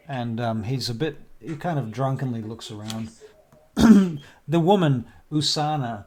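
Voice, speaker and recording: A man narrating as game master in a tabletop role-play, pausing often with ums. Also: mid-range voice, expressive, a crowd in the background. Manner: hesitant, many ums.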